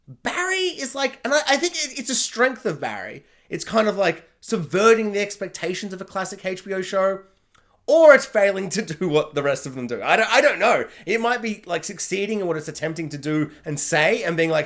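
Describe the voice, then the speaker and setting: A man's voice: high voice, animated, brisk, a bit bright. A man giving a casual spoken TV review, rambling along and filling his talk with "like". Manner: rambling, heavy on "like" fillers.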